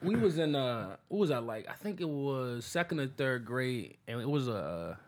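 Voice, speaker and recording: A man's voice: medium pitch, expressive, normal speed, darkish tone. Casual man hosting a podcast chat. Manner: loose storytelling, laughing asides. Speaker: podcast host.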